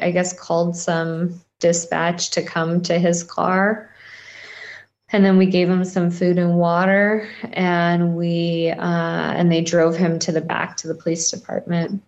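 A woman with a fairly low voice gives a personal account as an interview guest. She talks haltingly, often restarting and filling pauses with "like" and "um". The recording sounds dull and lo-fi. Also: flat delivery, darkish tone. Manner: halting storytelling with many fillers and restarts. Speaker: guest, local resident.

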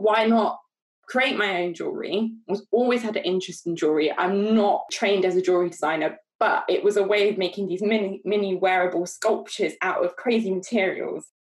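A woman's voice: medium pitch, poor audio. A young woman from London with a London accent, openly and earnestly telling her story as a guest over a video call. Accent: London English. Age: young adult. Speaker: guest, jewellery designer. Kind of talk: casual interview chat.

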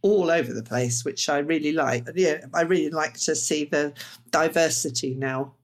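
A woman's voice: sits low, normal speed. A middle-aged woman in casual podcast chat, talking in a chatty way and giving her opinions freely.

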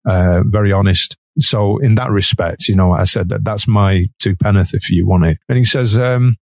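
Gravelly Manchester man telling stories. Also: fairly low pitch, moderate pace, no room sound. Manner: chatty, laughs between sentences. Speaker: musician guest. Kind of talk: anecdotal storytelling.

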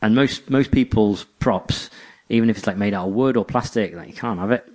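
Low-voiced rambling man. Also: brisk. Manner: rambling, animated storytelling with acted quotes. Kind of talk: casual chat.

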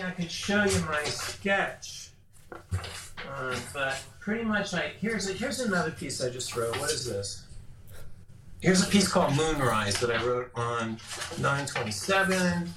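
An older man, a flute composer, talking casually over a video call in a rambling, halting way that keeps breaking off mid-thought. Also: fairly high pitch. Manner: rambling, halting, self-interrupting. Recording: echoey room, distant from mic, faint noise.

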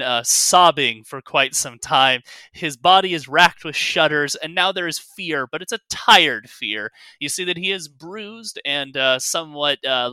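A man narrating as game master in a tabletop game, halting with many fillers. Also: a little high, pushed and bright, no echo.

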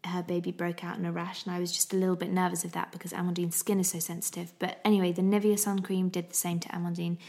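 A woman's voice: fairly low pitch, little pitch movement, fast, hardly any pauses, dark tone. A woman in her thirties chatting casually to camera about travelling with her baby, rambling and laughing often. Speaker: parenting vlogger. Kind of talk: casual chat.

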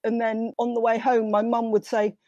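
A woman's voice: fairly high pitch, completely flat delivery, moderate pace, mellow, dry recording, dull audio. London woman telling family anecdotes. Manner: anecdotal, self-deprecating, quotes relatives in put-on voices. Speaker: guest. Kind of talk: casual storytelling chat.

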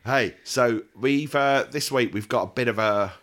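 A man co-hosting a casual podcast, hoarse from a cold, talking with dry, self-mocking humour in a low-energy way. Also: moderate pace, a bit bright, slight background noise. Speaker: podcast co-host.

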